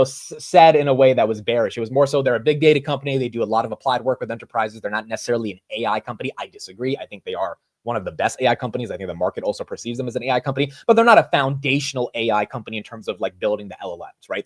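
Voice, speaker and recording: Young guy on a stocks livestream, talks super fast, excitable, says bro, dry mic. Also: mid-range voice, no room sound. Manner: excitable, rambling storyteller, calls listeners bro. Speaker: finance livestream host. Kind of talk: casual chat.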